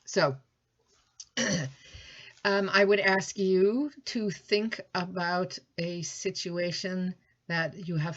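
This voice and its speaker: A woman's voice: sits low, dull audio. A woman teacher giving a recorded lesson in a conversational way, thinking aloud with fillers and restarts.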